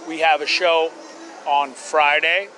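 A man in loud, rambling, crude street chat as a guest on an outdoor podcast. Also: on the high side, fairly even intonation, slow pace, a crowd in the background. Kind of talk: rowdy casual street chat. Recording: street noise behind.

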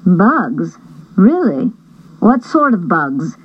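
A woman's voice: lowish voice, very animated, drawn-out words, husky, lo-fi sound, exaggerated voice. A woman voicing a skeptical, worried mother who asks doubtful questions.

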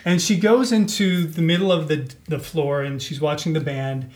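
A man telling a personal story in a relaxed podcast conversation, acting out the voices of the people in it. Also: on the high side, moderate pace. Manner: animated, acts out quoted voices. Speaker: podcast guest. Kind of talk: casual storytelling.

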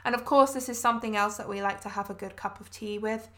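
Bright, clear woman teaching. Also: medium pitch, fairly even intonation. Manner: clear, measured, explains terms and gives examples. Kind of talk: explaining British food culture to learners.

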